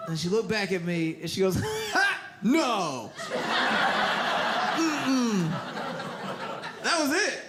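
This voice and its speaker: High-voiced young man doing stand-up. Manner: animated, exasperated storytelling with shouted bits. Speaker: stand-up comedian. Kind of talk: stand-up comedy. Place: comedy club stage. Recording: loud audience laughter and noise.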